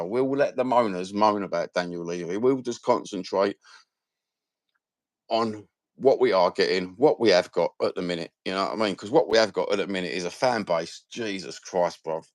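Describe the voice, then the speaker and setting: Low-pitched and free of any echo, this Cockney-accented Londoner runs a fan live stream, drifting through casual, slangy talk peppered with swearing.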